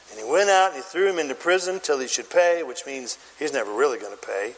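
A man preaching a sermon, telling a story with lively acted-out voices and bursts of shouting. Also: high voice, a little fast, long reverb tail, low-quality recording. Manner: animated storytelling, acting out voices and shouting lines. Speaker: pastor.

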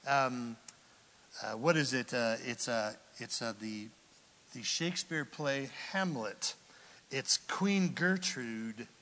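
A man preaching a sermon as pastor, folksy and animated, with sudden loud bursts. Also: on the high side, big-room sound.

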